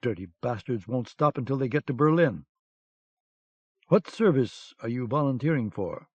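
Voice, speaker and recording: A man's voice: mid-range voice, expressive, moderate pace, darkish tone, breathy edge, dry recording. Man voicing a barking German army lieutenant. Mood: interrogating. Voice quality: barking, commanding. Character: blustering German army lieutenant, male, middle-aged. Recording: dull lo-fi cassette audiobook.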